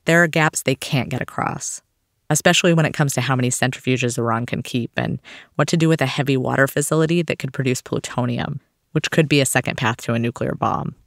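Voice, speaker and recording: A man's voice: medium pitch, a little fast, gravelly, a bit bright, dry recording, studio quality. A man hosting a podcast, telling a story in scripted documentary narration with a wry touch. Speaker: podcast host.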